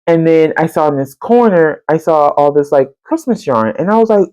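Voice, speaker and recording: A woman, hosting a podcast and telling a story in casual chat, animated and chatty, often jumping into a high voice to quote people. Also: moderate pace, few pauses, clear, resonant tone, no echo, highs cut off. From Central Texas. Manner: colloquial and chatty, addresses listeners as y'all. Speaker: podcast host.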